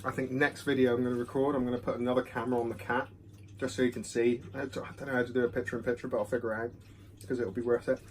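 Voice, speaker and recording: A man's voice: medium pitch, little pitch movement, very fast, a little hiss or hum. Rambling, chatty man reviewing whisky. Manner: chatty, self-deprecating, full of ums. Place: home room. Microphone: phone camera.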